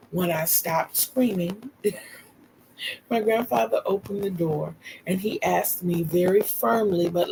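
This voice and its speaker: Gravelly-voiced woman telling stories. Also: lowish voice, slight background noise, rough recording. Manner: warm storyteller, laughs often, talks to viewers as y'all. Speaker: livestream host. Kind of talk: casual storytelling chat.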